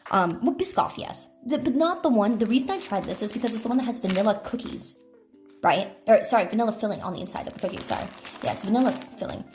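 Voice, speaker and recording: Mellow-voiced American woman chatting to her stream. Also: a little high, animated, fast talker, soft background music. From California, USA. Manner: chatty, talks to chat between bites, swears casually. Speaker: livestreamer. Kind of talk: casual livestream chat. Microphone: phone.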